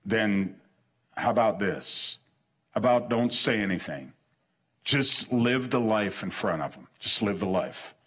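A man's voice: lowish voice, expressive, a little slow, a bit bright, slightly rough. Man, pastor, sermon, earnest, repeats phrases, restarts sentences. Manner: earnest preaching, repeats short phrases for emphasis; stumbles and restarts mid-sentence.

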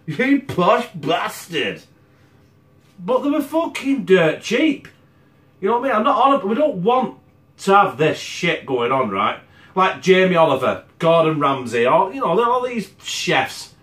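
A man's voice: high voice, fairly bright tone. A man, host of a home cooking channel, chatting bluntly to camera and swearing constantly. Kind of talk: casual sweary to-camera chat. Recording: echoey room.

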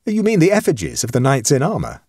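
A man voicing a skeptical young gentleman painter, brisk and questioning. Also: medium pitch, sing-song, creaky, no echo, studio quality, pitched above the performer's own voice. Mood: curious.

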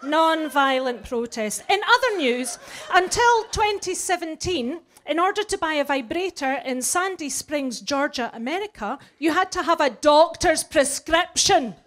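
A woman's voice: high voice, expressive, moderate pace, few pauses. A Scottish woman performing a sweary, flippant stand-up comedy set live before an audience. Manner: brash, sweary and flippant, with big swings in loudness.

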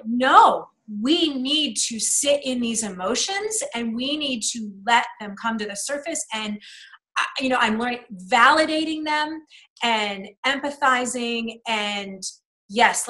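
Bright-voiced earnest woman guest. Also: a little high, rough recording. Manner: earnest, reflective, thinking aloud. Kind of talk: personal conversational interview.

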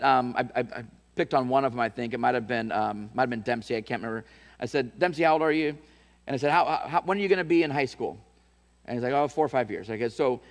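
A man's voice: fairly high pitch, big-room sound. A man preaching a sermon as pastor, telling a story with restarts and repeated words, and building to emphatic calls to his church.

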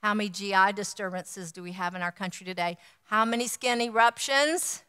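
Middle-aged woman guest speaker, bright and clear, animated storyteller, reverberant hall. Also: medium pitch, moderate pace, hardly any pauses. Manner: animated, acts out quoted dialogue. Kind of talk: storytelling talk to an audience.

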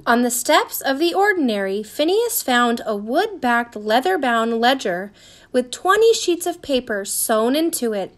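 Animated woman reading a storybook. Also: on the high side, unhurried. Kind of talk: storybook read-aloud.

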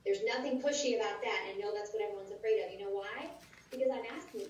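A woman giving a conversational training talk at a conference, lively and often acting out sample lines. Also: medium pitch, quick pace, a little hiss or hum. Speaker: sales trainer. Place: large conference room. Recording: roomy echoey hall, distant dull mic.

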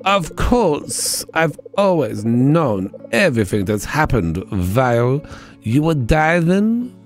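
A female vampire scientist draws out every word in a slow, sinister drawl, as a man puts her on. The voice sits low yet swoops up and down with theatrical flourish. Soft game music plays underneath. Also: sing-song. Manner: slow, drawn-out, theatrical villain delivery. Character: woman villain scientist, "evil German" vampire.

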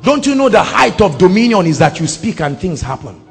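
A man with a Nigerian accent preaching a sermon, emphatic, swinging between hushed words and shouts. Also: sits high, very animated, brisk, creaky, breathy edge, faint music behind. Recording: sermon in a reverberant hall.

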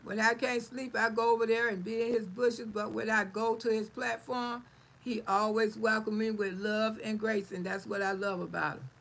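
A woman's voice: a little high, steady tone, moderate pace, creaky, a bit bright, poor audio. A middle-aged woman hosting a live stream, chatting casually, reading viewer comments aloud, blunt and salty, laughing often.

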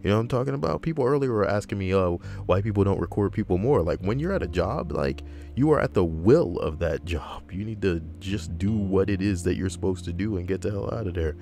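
Deep-voiced young man ranting animatedly. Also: fairly quick, slight background noise. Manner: animated, profane, jumps high in pitch for emphasis. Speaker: commentator reading and reacting to posts. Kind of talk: casual reaction commentary.

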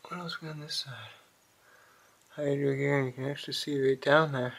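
A man's voice: fairly high pitch, level tone, a little fast, vocal fry, fairly bright tone. Rambling New England man in a garage. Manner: rambling, profane, with many fillers. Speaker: small engine repair vlogger. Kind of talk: casual workshop chat.

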